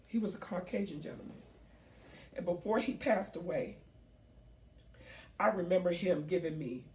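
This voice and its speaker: A woman's voice: lowish voice, darkish tone. An emotional middle-aged woman delivers an emphatic public speech, hammering points home by repeating them. Her voice is caught from a distance. The room around her rings with echo. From United States. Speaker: small business owner. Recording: roomy echo, speaker far from the mic.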